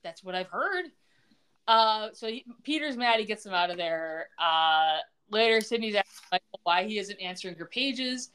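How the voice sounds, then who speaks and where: A woman's voice: medium pitch, normal speed, clean tone. A woman co-hosting a casual podcast, recapping a TV soap and acting out the characters' lines with laughter. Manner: animated, acts out quoted lines with laughs.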